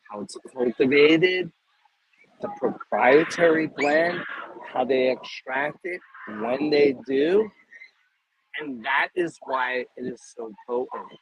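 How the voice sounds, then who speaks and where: A man in his fifties, a guest in a casual interview, talking in an emphatic, salesy pitching way. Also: a bit bright, low-quality recording. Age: 50s.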